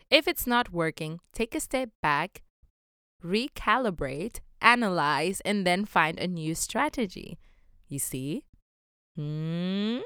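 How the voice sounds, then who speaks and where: A woman's voice: medium pitch, animated, unhurried, bright, forceful tone, clean tone, dry recording, studio quality. A young woman hosting a motivational solo podcast, upbeat, playful and affectionate as she encourages her listeners. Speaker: podcast host.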